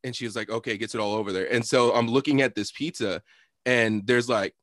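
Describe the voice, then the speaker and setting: A young man co-hosting a podcast, telling a long story in a loose, profane, animated way with lots of fillers. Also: medium pitch, a little fast, dry recording, studio quality. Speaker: podcast co-host. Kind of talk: casual storytelling chat.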